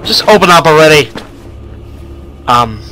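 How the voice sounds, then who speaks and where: A man hosting a let's play, commentating the game in an excitable, joking way and yelping at it. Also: fairly high pitch, unhurried, slight background noise, poor audio. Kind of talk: gameplay commentary.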